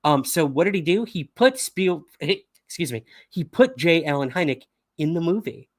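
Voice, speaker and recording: A man's voice: a little high, expressive, normal speed, no echo, clean studio sound. A man hosting a news livestream, talking casually with fillers and laughs. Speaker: podcast host.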